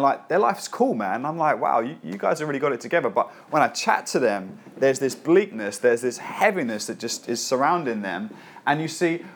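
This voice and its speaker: A man preaching a sermon as a pastor, reading scripture and then talking in a casual, joking, conversational way. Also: mid-range voice.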